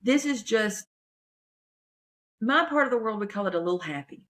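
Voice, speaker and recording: A woman comedian, talking in a chatty, folksy, animated way on her podcast. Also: on the high side, moderate pace, pauses often. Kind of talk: casual chat.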